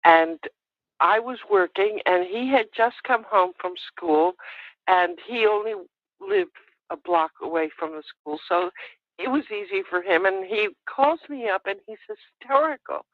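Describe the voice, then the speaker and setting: An older woman calling in to a radio show, earnestly telling a personal story and acting out her child's lines in a higher voice. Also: animated, a little slow, no room sound. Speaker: caller. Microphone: telephone. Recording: tinny dry phone line.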